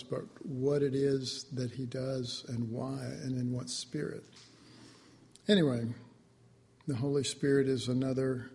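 Male preacher, middle pitch, loose rambling delivery with animated quoted asides; faint noise behind. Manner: rambling, hesitant, with many fillers and animated acted-out quotes. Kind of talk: informal sermon.

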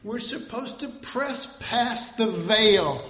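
High-voiced preacher, slow and echoey. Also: male voice, expressive, pushed and bright, slight background noise. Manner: conversational, self-correcting, joking asides and mock quotes. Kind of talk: informal sermon.

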